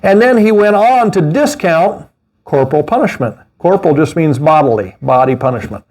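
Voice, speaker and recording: A middle-aged man preaching a sermon as pastor, animated, with mocking asides and laughter. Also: on the high side, moderate pace.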